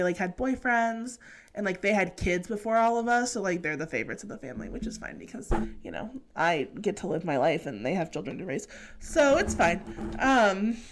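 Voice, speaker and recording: A young woman from California, co-hosting a podcast in casual chat, chatty and laughing often as she tells stories. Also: medium pitch. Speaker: podcast co-host.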